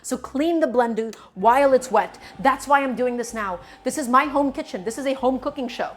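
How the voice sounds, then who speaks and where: A woman's voice: sits high, moderate pace. A woman streaming a cooking lesson from her home kitchen, talking to her viewers in an emphatic, repetitive way. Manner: emphatic, repeats key points while chatting to viewers.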